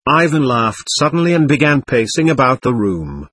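A man narrating a novel in a measured, expressive reading. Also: mid-range voice, husky, no echo. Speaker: audiobook narrator. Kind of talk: scripted narration.

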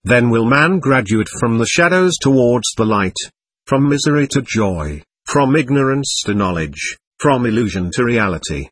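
Earnest male reader, measured and solemn; husky, lively pitch, dry sound. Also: no echo. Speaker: narrator. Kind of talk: solemn reading of a spiritual text.

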